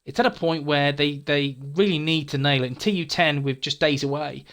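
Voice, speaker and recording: A man's voice: on the high side, a little fast, fairly bright tone. A man hosting a gaming channel, casually answering viewer comments in a frank, chatty way, often stumbling and repeating words.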